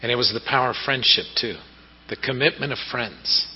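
A male pastor preaching a sermon in an animated storytelling manner, heard in a church hall on a dull recording. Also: medium pitch, a little fast, breathy edge. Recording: reverberant hall, dull lo-fi sound.

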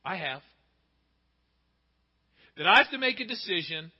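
A man preaching a sermon emphatically, asking rhetorical questions and swinging between loud and hushed delivery. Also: sits high, very animated, unhurried, slightly rough. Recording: muffled with long hall reverb.

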